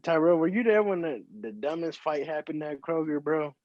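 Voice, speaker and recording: Young male co-host, bouncy higher voice, slightly muffled; blunt and slangy. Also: animated, moderate pace, no echo. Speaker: podcast co-host. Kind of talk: casual chat.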